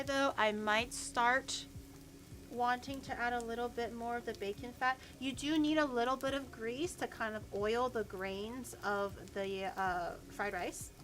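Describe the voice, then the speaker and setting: This woman, a vtuber streamer, chats loosely with her viewers as she cooks at home in the kitchen, swearing frequently and stumbling over repeated words. Her voice is a little high and fairly bright, and she takes an unhurried pace.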